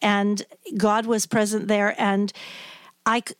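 A woman's voice: mid-range voice, level tone, takes it slowly, smooth, no echo. A woman from Vancouver, British Columbia, a guest in a radio studio, sharing her faith testimony and a heartfelt, prayerful spoken prayer.

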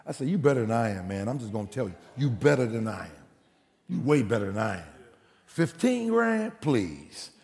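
Man, pastor, sermon storytelling, animated, gravelly voice, long hall reverb. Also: on the low side, fast. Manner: animated, acts out quotes, laughs.

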